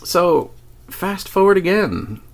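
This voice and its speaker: A man's voice: high-pitched, sing-song, slow. A man vlogging, telling a story casually in a rambling, profane way with many restarts. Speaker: video blogger.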